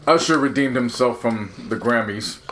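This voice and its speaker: A man's voice: mid-range voice, moderate pace, a bit bright, a little hiss or hum. A man co-hosting a podcast, talking earnestly in long, winding stretches of casual chat. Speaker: podcast co-host.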